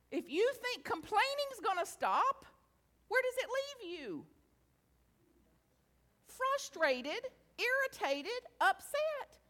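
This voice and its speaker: A woman speaks to a gathered audience with a high, bright, very lively voice that swoops up and down. She takes her time with her words, teasing and playful one moment, quiet and reflective the next. A long reverb hangs on her voice, as in a large hall. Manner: slows into hushed guided reflection. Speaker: spiritual teacher. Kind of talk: talk to a live audience.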